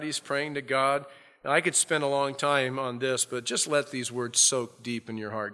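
A male preacher delivers a sermon in a bright, forceful voice. He tells the story with animated energy and breaks into acted-out scenes. A long hall reverb hangs on every phrase. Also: medium pitch, moderate pace.

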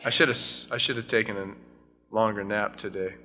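Bright-voiced male pastor preaching in a reverberant hall. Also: fairly low pitch, fairly even intonation, normal speed. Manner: conversational preaching that swells into fervent scripture reading. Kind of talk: sermon.

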